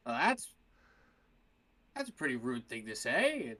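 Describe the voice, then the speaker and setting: A man's voice: mid-range voice, huge pitch swings, measured pace, pushed and bright, pitched below the performer's own voice, exaggerated voice. A man voicing an evasive male scientist who stammers out excuses. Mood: flustered.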